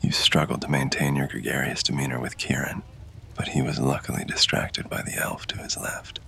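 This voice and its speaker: A man in a whispered role-play, his voice pitched extremely low and full of gravel, breathy and close yet crisp at the edges. he narrates intimately in first person, never raising it above a hush. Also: flat delivery, normal speed.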